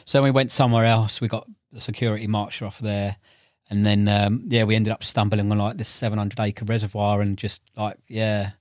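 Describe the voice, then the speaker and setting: A young man, a podcast guest, telling stories in casual chat, animated and laughing, acting out voices now and then. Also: fairly low pitch, a little fast, dry recording, clean studio sound. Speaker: podcast guest, tackle shop owner and angler.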